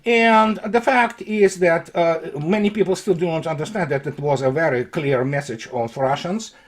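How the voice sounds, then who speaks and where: A man giving an unscripted political commentary monologue, sarcastic and mocking, halting often on fillers. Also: fairly high pitch.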